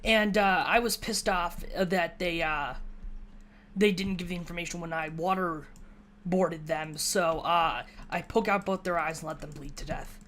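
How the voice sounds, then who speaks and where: A woman's voice: on the low side, unhurried, fairly bright tone. A woman casually chatting while she plays a video game, retelling a tabletop session in a rambling, self-mocking way. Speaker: gaming YouTuber. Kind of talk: casual gameplay commentary, recounting a tabletop session.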